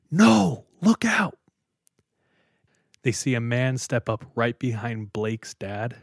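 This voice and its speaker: A man's voice: medium pitch, no room sound, studio quality. A man co-hosting a podcast, telling a story casually and acting out the quoted lines with bursts of laughter. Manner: animated, acts out quotes, laughs often. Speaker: podcast co-host.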